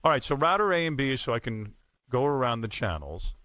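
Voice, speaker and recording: A man's voice: medium pitch, very animated, sharp tone, no room sound. Man running a studio tech check. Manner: distracted, asking quick questions. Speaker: radio host checking studio equipment. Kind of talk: casual technical run-through.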